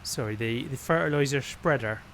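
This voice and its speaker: Casual British streamer, mid-range voice, narrating gameplay to a friend. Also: male voice, mid-range voice, moderate pace, a bit bright, slight background noise. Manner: chatty, narrates his own actions. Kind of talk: casual gaming chat.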